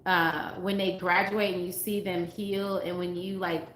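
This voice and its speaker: Her delivery is flat and unhurried, her voice lowish and fairly bright, as this dating coach talks casually to livestream viewers. She stays earnest and emphatic, repeating points and reading out comments, heard in a roomy recording with faint background noise.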